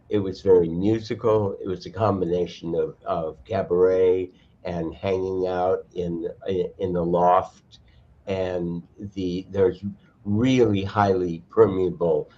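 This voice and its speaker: An older man, a cultural historian, speaking on a video call in a halting, thoughtful way. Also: low voice, mellow. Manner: halting, thoughtful, frequent restarts. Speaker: cultural historian and archivist guest. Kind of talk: casual online conversation. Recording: dull lo-fi video call audio.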